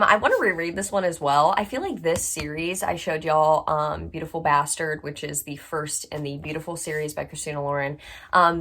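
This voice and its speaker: Young woman, book vlogger, low-pitched but bubbly, chatty, lots of filler words. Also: a bit bright. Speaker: book channel host. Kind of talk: casual book vlog chat.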